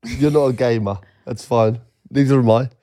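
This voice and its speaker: This young male podcast co-host trades teasing jokes and deadpan wind-ups in relaxed banter. He speaks in a mid-range voice at a moderate pace, recorded with studio quality and no echo.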